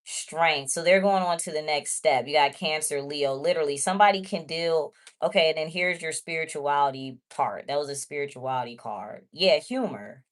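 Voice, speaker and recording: A woman's voice: sits low, normal speed, few pauses. A woman giving a casual tarot reading, chatty and blunt, talking straight to her viewers. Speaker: tarot reader.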